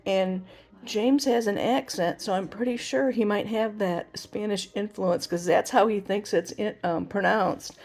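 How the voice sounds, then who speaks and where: A woman's voice: mid-range voice, darkish tone. An older woman talking casually to her viewers in a rambling vlog monologue, full of restarts and blunt opinions. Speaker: trial-watching vlogger.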